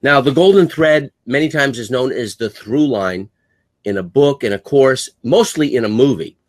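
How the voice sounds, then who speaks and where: A male host with a mid-range voice cuts in to frame the topic for viewers. He is energetic and brisk, with a dry, close sound and no room echo. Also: medium pitch. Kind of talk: live show hosting.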